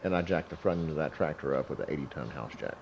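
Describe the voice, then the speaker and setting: A man's voice: very deep voice, fast, gravelly, a little mellow, slight background noise. A middle-aged man who hosts a gaming channel, telling a rambling story about himself over gameplay, folksy and chuckling often.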